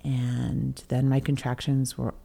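A low-voiced young woman shares a personal story on a podcast, in a relaxed, chatty way. She is animated and breaks into laughter between phrases, acting out what others said. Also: takes it slowly, gravelly, breathy edge. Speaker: podcast co-host. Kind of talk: casual storytelling chat.

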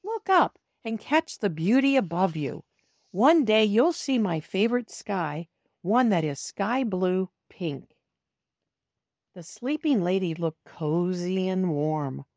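In a mid-range voice, a woman narrates a children's storybook as though she were the cat telling it, speaking straight to young listeners. Her storytelling is slow and expressive, and the studio-quality audio carries no room sound.

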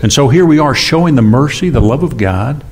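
A man in his sixties preaching a conversational sermon, often asking the congregation questions and acting out quoted speakers in louder, higher bursts. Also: animated, a little fast, a little hiss or hum. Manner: chatty, asks the congregation questions, acts out God and James. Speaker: pastor.

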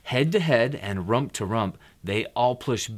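A man hosting, reading a children's picture book aloud, relaxed, dropping his voice for quiet asides between lines. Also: medium pitch, measured pace.

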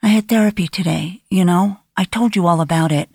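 A frightened young woman who talks with urgent, pleading anxiety, voiced by a woman reading an audiobook. Her voice is low-set and the recording is dry and close. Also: brisk, gravelly, a little mellow, slightly rough, no echo. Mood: anxious.

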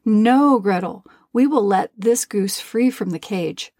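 A woman voicing a gentle young boy with a soft voice. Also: mid-range voice, takes it slowly. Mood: earnest.

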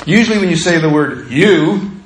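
A man preaching a sermon as pastor, talking in a conversational, animated way and telling stories with laughter. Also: on the high side, moderate pace, echoey room, slight background noise, low-quality recording.

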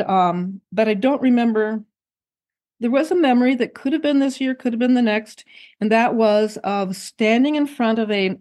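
A woman's voice: on the high side, darkish tone. Older woman, reflective storyteller. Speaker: interview guest. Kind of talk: personal recollection in an interview.

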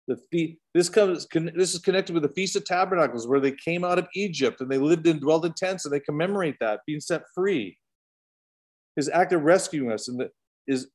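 High-voiced Canadian man teaching Bible study. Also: a little mellow. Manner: conversational, rhetorical questions, side tangents.

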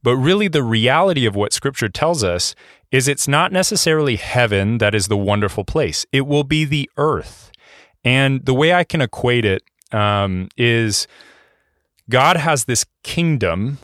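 A man's voice: medium pitch, lively intonation, unhurried, fairly bright tone, dry recording, studio quality. A man pastor giving a conversational sermon, reading scripture and explaining it with many fillers and restarts.

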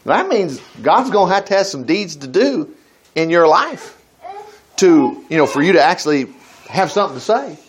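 Animated folksy man preaching. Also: fairly high pitch, normal speed, a little hiss or hum. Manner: folksy, animated, jumps between reading and asides. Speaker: preacher teaching scripture. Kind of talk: informal Bible teaching.

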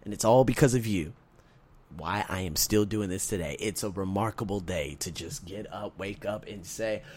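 A man hosting a solo podcast, exuberant and repetitive, swinging between shouted excitement and quiet reflection, laughing often as he talks. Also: deep voice, moderate pace. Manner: laughs often while talking. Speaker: podcast host.

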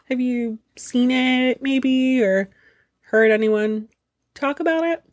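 A woman's voice: sits high, slow pace, no room sound, studio quality, pitched above the performer's own voice. A woman voicing a dramatic, sly male trickster god who stammers and hedges. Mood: hesitant. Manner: hesitant, stammering, sarcastic. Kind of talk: comedic storytelling.

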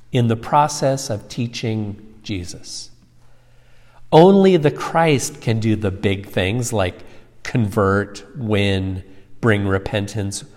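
A male pastor delivers a sermon at an unhurried, measured pace, leaning hard on key words and lifting his voice to stress them. His voice rings out with a long reverb behind it. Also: medium pitch, a little mellow. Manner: emphatic, slowing and rising on key words.

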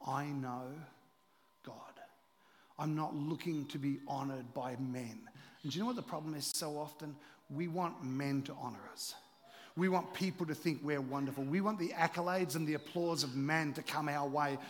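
A man preaching a sermon as pastor, joking with the congregation and sometimes dropping to a hushed voice for emphasis. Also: a little high, moderate pace, in a large hall. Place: church auditorium.

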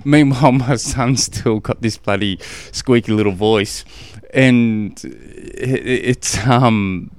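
Rambling Australian man, smooth close voice. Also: mid-range voice, slow pace, no room sound. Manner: rambling, self-deprecating, laughs often. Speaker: podcast host, endurance coach. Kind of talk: casual solo podcast chat.

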